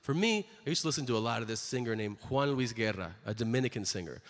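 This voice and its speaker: A man's voice: medium pitch, lively intonation, fast talker. A middle-aged man performing a stand-up comedy set, telling crude stories and acting out other people's voices. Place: large venue stage before an audience. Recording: reverberant hall with faint crowd ambience.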